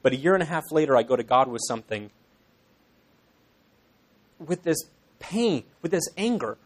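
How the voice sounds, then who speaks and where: A man's voice: a little high, expressive, normal speed. A young Irish man in his twenties, a pastor in training, preaching a sermon to a congregation in an earnest, emphatic way with self-deprecating asides.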